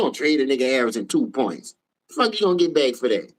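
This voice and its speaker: A tired man with a New Orleans accent ranting profanely on a casual sports livestream, switching between low mumbles and loud outbursts. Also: sing-song, fast talker. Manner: profane, heated, jumps between mumbling and shouting.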